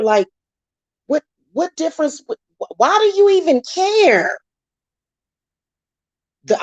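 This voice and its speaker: A spiritual reader who hosts her own channel unleashes an angry, profane vlog rant against her critics. Her mid-range voice is a little mellow, and the recording has no echo.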